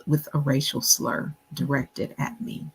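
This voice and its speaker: A middle-aged woman, a guest author, recounting a childhood memory in a measured, reflective way with many pauses. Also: very deep voice, little pitch movement, slight background noise, rough recording. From Buffalo, New York. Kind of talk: interview storytelling.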